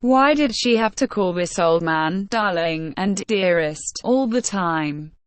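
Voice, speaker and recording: A woman's voice: fairly low pitch, expressive, slow pace, no echo. A woman reading a first-person story aloud at a careful pace meant for learners of English. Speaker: audiobook reader. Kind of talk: scripted first-person narration of a graded reader.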